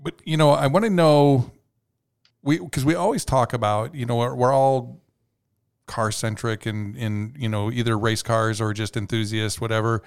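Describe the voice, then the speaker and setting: A man's voice: medium pitch, fairly even intonation, normal speed, smooth. A man hosting a casual interview, asking questions in a rambling way with many restarts. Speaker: podcast host.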